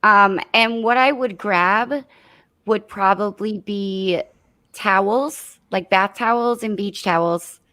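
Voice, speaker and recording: A woman's voice: medium pitch, takes it slowly, sharp tone. Woman on a comedy podcast, giggles a lot, says it straight and crude. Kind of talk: casual comedic chat.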